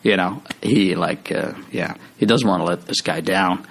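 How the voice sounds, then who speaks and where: A man's voice: low-pitched, normal speed, gravelly, fairly bright tone, slightly rough. A man casually retelling a movie's story, rambling with lots of fillers and restarts. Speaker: movie recap host.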